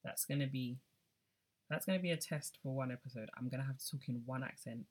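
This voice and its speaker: A woman's voice: extremely low pitch, quick pace. A young adult woman hosting a casual music podcast, chatty and drifting between accents. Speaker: podcast host.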